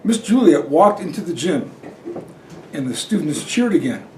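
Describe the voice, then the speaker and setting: A man reads a children's storybook aloud at an unhurried pace. His voice sits a little high and sounds roomy and a bit distant from the mic. A faint noise runs underneath. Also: very animated.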